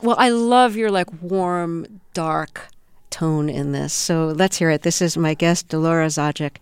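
Female interview host, lowish smooth voice, playful and curious, dry studio sound. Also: measured pace, no room sound. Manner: curious, laughs easily. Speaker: radio interviewer. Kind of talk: casual interview.

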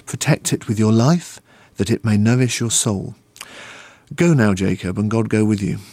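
A man's voice: fairly low pitch, normal speed, warm tone, no echo. A man reading aloud and voicing a stern, pious older uncle who solemnly exhorts his nephew. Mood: solemn exhortation.

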